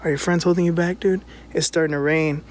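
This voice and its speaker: A young man co-hosting a casual chat, rambling and halting with many filler words. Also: a little high, fairly even intonation, slight background noise. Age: young adult. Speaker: co-host. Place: outdoors.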